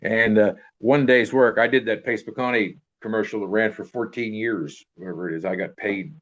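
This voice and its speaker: An older man, an actor, rambles through casual anecdotes in an interview, restarting sentences and trailing off with throwaway tags. His voice is on the low side with fairly even intonation and a moderate pace, on a dull lo-fi recording.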